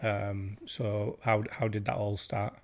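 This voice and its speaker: A man's voice: fairly low pitch, completely flat delivery, slow. A man hosting a podcast, asking curious, easygoing questions and laughing along with his guest. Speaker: podcast host. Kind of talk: casual conversational interview.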